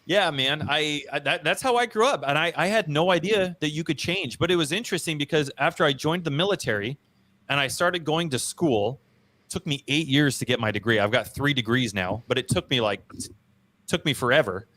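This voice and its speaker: The voice is a man's, fairly high-pitched, brisk and bright with a forceful tone. As host of a relaxed podcast, he tells his own story emphatically and self-deprecatingly, full of slang and frequent "dude" and "bro."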